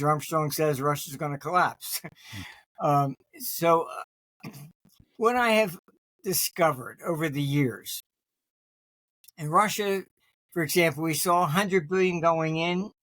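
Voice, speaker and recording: Throat-clearing man telling rambling stories. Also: fairly high pitch, a bit bright, no room sound. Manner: rambling storyteller, often clears his throat; restarts sentences, many fillers. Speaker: interview guest, market forecaster. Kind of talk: anecdotal conversational interview.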